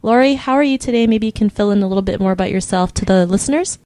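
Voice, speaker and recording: A woman's voice: mid-range voice, quick pace, darkish tone, no echo, studio quality. A woman hosting a podcast interview, affirming her guest and asking simple questions. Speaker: podcast host. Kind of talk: casual interview chat.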